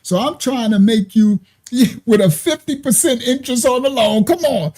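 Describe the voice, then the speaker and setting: A man's voice: very high voice, lively intonation, moderate pace, darkish tone. A man hosting a ministry livestream who teaches casually, answers viewer comments, tells loose stories and laughs often. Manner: laughs often, loose storytelling, frequent "right?". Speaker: ministry host.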